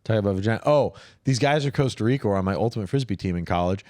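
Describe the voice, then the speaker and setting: A man with a lowish voice talks through a casual podcast chat, restarting his sentences and laughing along. The sound is close and dry, with no room echo. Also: lively intonation, a little mellow. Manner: rambling, self-interrupting, quick to laugh. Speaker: podcast co-host.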